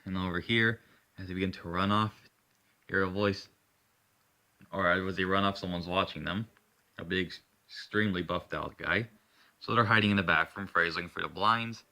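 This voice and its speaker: A man's voice: low-pitched, pushed and bright. A man casually narrating his own hero story in a rambling way, swearing and correcting himself as he goes.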